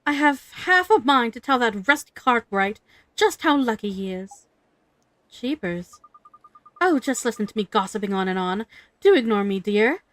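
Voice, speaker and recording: A woman's voice: on the high side, lively intonation, moderate pace, fairly bright tone. A woman voicing a chatty, sympathetic old woman neighbor, reading game dialogue aloud in a fussy, gossipy way.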